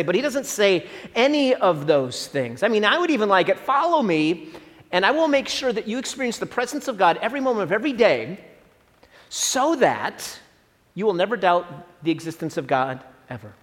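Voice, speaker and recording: A middle-aged male pastor from Southern Illinois preaches a sermon in a high, lively voice that rises and falls a lot. He addresses his congregation casually and conversationally with asides, and a long hall reverb colors the recording.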